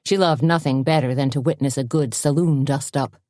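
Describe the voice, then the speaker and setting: A woman narrating a cozy mystery audiobook in a steady, plain way. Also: rumbling low, brisk, no room sound, clean studio sound. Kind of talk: scripted narration.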